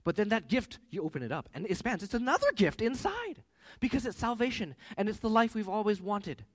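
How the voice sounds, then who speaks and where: Animated man preaching a sermon. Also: high voice, fairly quick. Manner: animated storytelling, rising loud for quoted voices. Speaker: pastor.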